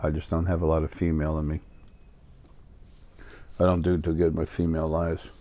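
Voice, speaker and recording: Low-voiced New York man rambling. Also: completely flat delivery, a little fast, warm tone. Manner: meandering, many fillers and restarts. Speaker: spiritual video host. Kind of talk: rambling casual monologue.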